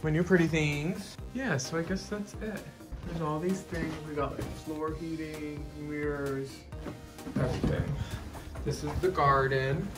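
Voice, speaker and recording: A man's voice: fairly high pitch, fairly even intonation, unhurried, over music. A man in drag giving a campy, sassy backstage tour of theatre dressing rooms, quipping and laughing with castmates. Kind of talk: casual backstage vlog.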